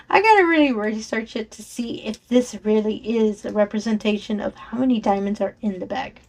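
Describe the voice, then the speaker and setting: Brief: woman crafting vlogger, voice on the higher side, bubbly and rambling, laughs a lot, talks into a desk mic. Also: gravelly. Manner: chatty and enthusiastic, frequent laughs and self-corrections. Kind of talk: casual chat while sorting craft supplies. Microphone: desk microphone below a raised camera.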